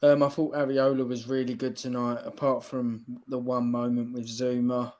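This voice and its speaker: Brief: male fan panelist, calm and measured, mid-pitch voice. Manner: measured, calm player analysis with "um" and "I thought". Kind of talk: casual post-match chat.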